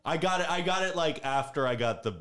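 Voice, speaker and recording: A man's voice: a little high, animated, fast talker, fairly bright tone. A young adult man, a comedian guest, chatting casually on a podcast in a rambling, hesitant way full of fillers.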